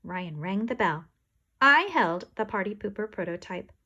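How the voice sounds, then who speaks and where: A woman reading a children's storybook aloud in a playful, expressive way. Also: mid-range voice, moderate pace, lo-fi sound. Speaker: audiobook reader. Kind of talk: storybook narration.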